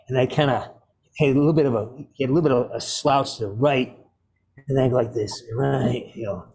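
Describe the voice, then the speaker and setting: A middle-aged man, a guest actor on a video call, telling stories with loud bursts, restarts and salty language. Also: mid-range voice.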